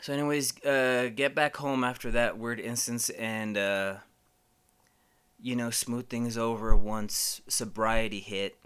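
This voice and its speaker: A man's voice: mid-range voice, steady tone, measured pace, fairly bright tone, clear, resonant tone. A man hosting a podcast, telling rambling stories casually, swearing a lot and using many fillers. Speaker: podcast host. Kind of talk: casual storytelling.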